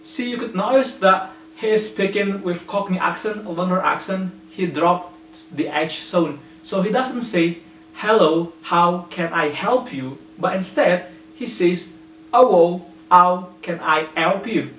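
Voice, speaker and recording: A man's voice: high-pitched, measured pace, fairly bright tone. An Indonesian-speaking man giving earnest, patient English-learning tips with plenty of examples. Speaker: English teacher. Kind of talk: explanatory lesson. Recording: echoey room, slightly distant mic, faint hum.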